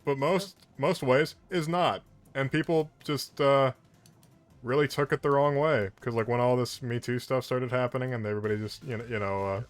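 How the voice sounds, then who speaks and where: A voice actor, a man with a medium-pitched voice speaking at normal speed, chats animatedly on a livestream over soft background music. He's talkative and laughs a lot, often restarting his sentences.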